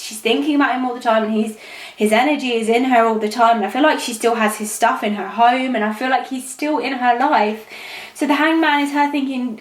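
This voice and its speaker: A woman giving a casual psychic tarot reading, rambling and emotional, repeating herself as she talks. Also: fairly high pitch. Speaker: tarot reader. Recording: echoey room.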